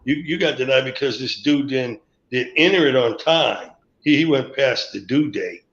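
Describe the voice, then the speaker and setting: Gravelly man telling a story. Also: medium pitch, normal speed, a bit bright. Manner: rambling, acts out quoted dialogue. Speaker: guest on a live stream. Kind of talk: storytelling memories. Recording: echoey, dull lo-fi stream audio.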